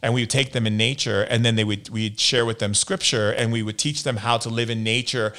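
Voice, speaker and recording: A man's voice: medium pitch, steady tone, brisk, a bit bright. A man, a guest in an interview, earnestly telling personal stories and acting out what other people said. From United States. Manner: earnest storyteller who acts out other people's words. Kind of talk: personal storytelling in a sit-down interview.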